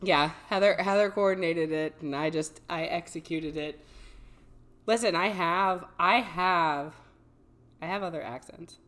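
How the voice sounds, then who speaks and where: Her fairly low voice moves at a measured pace as she co-hosts a casual podcast chat on a studio microphone. She's an animated storyteller who laughs a lot and swears without a second thought.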